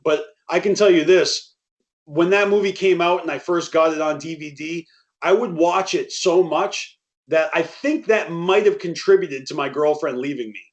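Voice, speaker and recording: A man with a fairly high voice hosts a casual chat about films, emphatic and blunt, with a joking streak. His sound is dull and lo-fi, with the top end rolled off. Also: normal speed. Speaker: podcast host.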